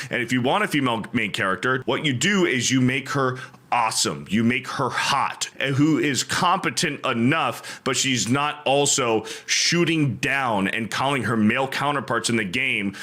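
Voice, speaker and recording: A man hosting a casual podcast chat, telling stories in an animated, profane way. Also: medium pitch. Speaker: podcast host.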